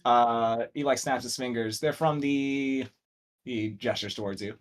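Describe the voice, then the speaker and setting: A man's voice: mid-range voice, fairly even intonation, measured pace. A young man narrating a tabletop game as game master, rambling with fillers and restarts.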